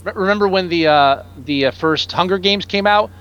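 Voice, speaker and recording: A man in casual podcast chat, rambling and halting with many restarts, now and then putting on mocking voices. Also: high-pitched, fairly bright tone, clean tone, highs cut off.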